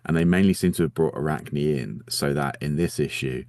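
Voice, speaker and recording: A man with a very deep voice co-hosts a casual podcast. He speaks in a dry, matter-of-fact way, often simply agreeing. The recording is close and dead, with no room sound. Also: a little fast, darkish tone, dry recording. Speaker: podcast co-host. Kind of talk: casual comedic chat.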